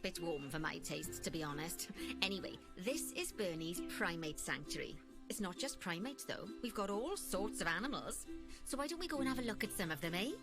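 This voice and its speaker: A chirpy zoo tour guide. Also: female voice, on the low side, lively intonation, a little fast. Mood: cheery. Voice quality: bright, jokey, sing-song. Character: chirpy, jokey woman zoo guide, adult. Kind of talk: scripted game tutorial voice. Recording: faint game music behind.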